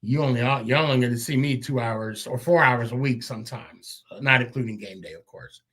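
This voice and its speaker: A man hosting a sports fan podcast, closing the show with loose, rambling thank-yous and shout-outs to listeners. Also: medium pitch, a little fast. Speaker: podcast host. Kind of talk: casual sign-off chat.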